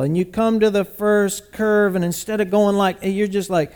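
A man preaching a sermon in a conversational, animated way, speaking directly to his congregation and swinging from loud bursts to quiet asides. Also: high voice, slow, hardly any pauses, clean tone. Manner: talks to the congregation directly, calling on people by name.

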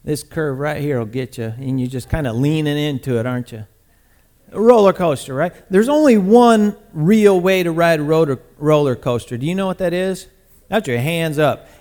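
A man preaching a sermon in a conversational, animated way, speaking directly to his congregation and swinging from loud bursts to quiet asides. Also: fairly high pitch, moderate pace. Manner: talks to the congregation directly, calling on people by name.

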